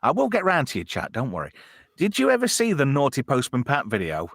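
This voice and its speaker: A man's voice: mid-range voice, wildly swooping pitch, fairly quick, creaky, a bit bright, dry recording, clean studio sound. A man hosting a casual chat show, rambling and swearing freely while slightly drunk. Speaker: show host reading chat.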